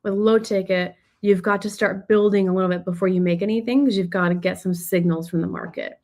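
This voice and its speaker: A woman's voice: mid-range voice, fairly even intonation, brisk, a little mellow. A woman business coach answering audience questions on a live stream, talking in a loose, conversational way with frequent restarts.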